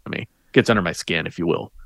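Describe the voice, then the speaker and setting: Low-voiced man in loose podcast chat. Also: quick pace, gravelly, no echo, studio quality. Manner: relaxed, loose chatter with many fillers. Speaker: podcast co-host. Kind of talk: casual movie review chat.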